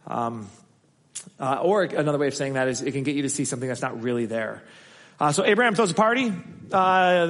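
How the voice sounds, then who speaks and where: A man's voice: medium pitch, animated, fairly quick, fairly bright tone. A man preaching a conversational sermon as pastor, acting out the voices he quotes. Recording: long hall reverb.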